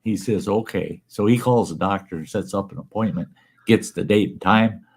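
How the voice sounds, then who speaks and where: A man's voice: on the low side, normal speed. A man hosting a casual livestream, telling jokes in a rambling, chuckling way. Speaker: host.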